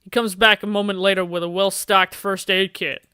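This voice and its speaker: A man hosting a game playthrough, reading the game text aloud and joking around in a playful, excitable way. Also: high voice, moderate pace, smooth. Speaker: gaming channel host. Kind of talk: let's play commentary, reading game text.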